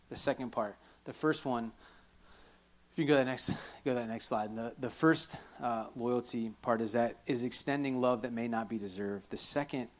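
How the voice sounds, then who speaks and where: A man preaching a sermon in a church, animated, rising loud on key points and dropping soft when quoting. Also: medium pitch. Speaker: pastor.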